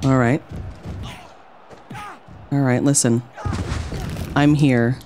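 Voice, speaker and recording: A woman's voice: a bass voice, steady tone, very slow, mellow, slight background noise. A woman streaming a game, commenting casually and theatrically. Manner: playful, theatrical, lots of exclamations and laughs.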